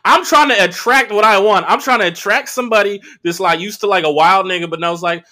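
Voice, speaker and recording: A high, bright, forceful voice belongs to this early-thirties podcast host with a Los Angeles accent. Talking fairly quickly on his casual solo show, he rambles through a profane story full of fillers.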